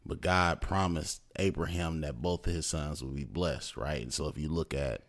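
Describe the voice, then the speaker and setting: A man's voice: very deep voice, steady tone, moderate pace. A man co-hosting a podcast in casual chat, explaining at an easy pace and checking in with "right?" and "you know what I'm saying". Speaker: podcast co-host.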